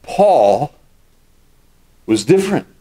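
A man's voice: on the high side, very animated, extremely slow, warm tone. A man preaching a sermon as pastor. He explains scripture step by step and repeats key words for emphasis.

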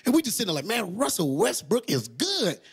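Animated high-voiced male stand-up comedian. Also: a little fast, creaky, slightly rough. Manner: animated, loud storytelling with high-pitched impressions. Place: comedy stage before a live audience. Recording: loud crowd and noise. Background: crowd laughter.

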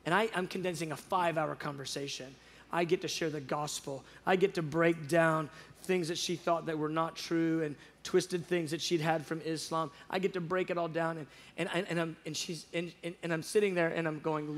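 A man telling a personal faith story in casual chat, animated and acting out the dialogue, with frequent restarts. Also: a little high, a little fast. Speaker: guest speaker on prayer show.

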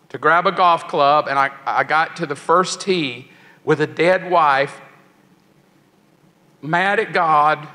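A man's voice: a little high, bright, forceful tone. A man in his sixties preaching a sermon to young people, telling a personal story with emotion and acting out the voices of others. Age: 60s. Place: large church hall. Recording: long church hall reverb.

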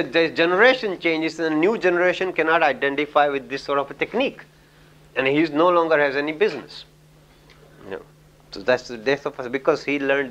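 A male professor with an Indian English accent, speaking in a slightly higher register than most men. He teaches through personal stories in a loose, conversational way. He keeps dropping "you know" and chuckling between points. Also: fairly bright tone, lo-fi sound. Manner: chatty storyteller, frequent "you know", chuckles. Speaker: professor giving a lecture. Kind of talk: lecture with anecdotes.

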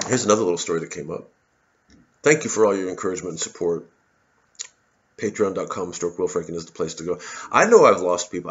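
A man's voice: low-pitched, dull audio. Profane, rambling male comedian ranting. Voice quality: rambling, profane, sarcastic, many restarts. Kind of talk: profane ranting monologue to camera.

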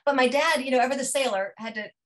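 Middle-aged woman telling a family story on a zoom call, voice sits a bit high, swings way up for the dialogue. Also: fast, rough recording. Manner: animated, acts out dialogue with big pitch jumps; drops to a hushed near-whisper at tender moments. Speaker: featured storyteller. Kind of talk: live personal storytelling. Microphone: video call.

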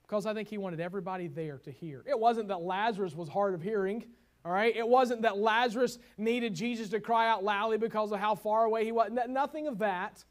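A man preaching a sermon as pastor, swinging from loud exclamations to hushed, tender passages and reading scripture in old biblical wording. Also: high-pitched, fairly quick.

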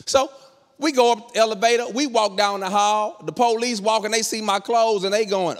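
A man's voice: sits high, moderate pace, big-room sound. A middle-aged man telling a comic story on stage, acting out the voices of people in it. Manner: animated, acts out voices in his story. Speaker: comedian. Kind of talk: storytelling stand-up comedy.

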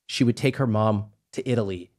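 A man in a podcast interview, talking emphatically and acting out little exchanges, his voice climbing high when he stresses a point. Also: fairly quick, darkish tone. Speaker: guest, personal finance author.

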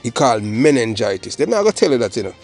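Jamaican man, channel host, solo commentary, emphatic and rambling, patois-heavy, middling pitch, faint music underneath. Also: sing-song, rapid-fire, darkish tone.

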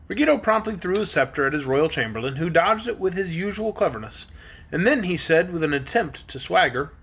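High-voiced man reading a storybook. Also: lively intonation, a little fast, creaky, a bit bright, breathy edge. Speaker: audiobook narrator.

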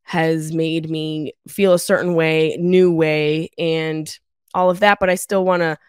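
This is a casual solo podcast from a woman in her thirties, recorded at her mother's house on a travel mic lacking a pop filter. Nasal from a cold, she's an animated storyteller who swears, jokes, and laughs, her low voice clear and resonant at a measured pace. There's no echo, and the quality matches a studio.

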